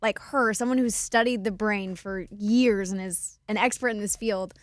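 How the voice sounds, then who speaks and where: A woman's voice: medium pitch, fairly even intonation, normal speed, dry recording. A woman on a radio show earnestly sharing what she learned about the brain. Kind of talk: casual studio banter.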